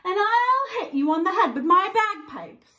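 A woman playing a fierce, shrill little woman. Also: big pitch swings, takes it slowly, sharp tone, heavily acted. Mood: defiant. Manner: shrill, defiant, scolding.

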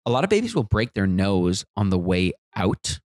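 A man's voice: sits low, big pitch swings, normal speed, darkish tone, no room sound, studio quality. A young man, a rabbi, chatting as a podcast guest in casual, joking banter. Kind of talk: casual comedic chat.

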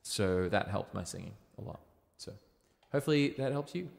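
A young Australian man chatting casually on a livestream, giving relaxed, rambling singing tips with plenty of ums. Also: fairly low pitch, moderate pace, gravelly. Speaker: livestreaming singer and guitarist. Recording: reverby room with guitar behind. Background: guitar playing.

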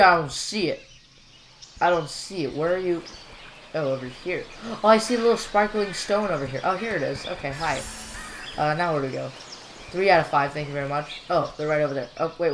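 A man's voice: a little high, a bit bright, a little hiss or hum. A young man casually commentating while he plays a game, rambling and joking with lots of filler words. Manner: chatty, rambling and jokey, with frequent fillers. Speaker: gameplay commentator.

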